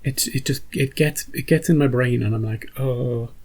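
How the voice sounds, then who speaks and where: Gravelly-voiced man rambling casually. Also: mid-range voice, moderate pace, a little mellow, poor audio. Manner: rambling, restarts, chatty. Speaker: reaction channel host. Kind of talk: casual post-episode chat.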